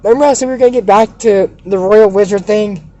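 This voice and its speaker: A man excitedly retelling a cartoon episode, gasping and shouting as he recaps the action. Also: sits high, fast talker, highs cut off. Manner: animated, gasps and shouts with excitement.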